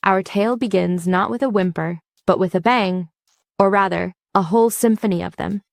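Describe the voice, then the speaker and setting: A woman's voice: mid-range voice, normal speed, gravelly, no echo, clean studio sound. A woman narrating a story recap from a script, in a campy, sarcastic and theatrical way.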